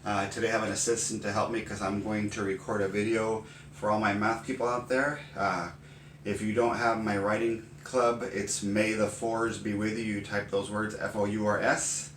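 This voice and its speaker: A middle-aged man, a math consultant, demonstrating a teaching routine and punctuating each math term with a loud karate grunt. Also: on the low side, flat delivery, moderate pace, a little hiss or hum. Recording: roomy sound, mic at a distance.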